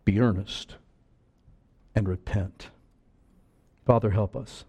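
A man preaching a sermon, earnest and slow on key words, breaking into sudden loud bursts of urgency. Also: fairly low pitch, fairly even intonation, breathy edge.

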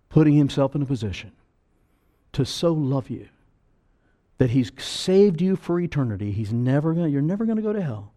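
A man preaching a sermon with fervor, swelling loud on key phrases and dropping low again. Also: very animated, moderate pace, pauses often.

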